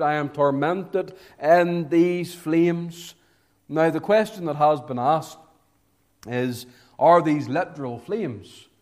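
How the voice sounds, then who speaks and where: A man preaching an evangelistic sermon, swinging between hushed, low passages and loud, emphatic climaxes, drawing out key words.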